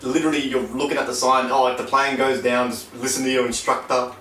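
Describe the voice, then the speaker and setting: A man's voice: quick pace, a little hiss or hum. A young man, co-hosting a casual podcast chat, swearing freely and telling stories with lots of energy. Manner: swears a lot, animated storyteller. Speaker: podcast co-host. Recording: roomy, distant low-quality backup mic.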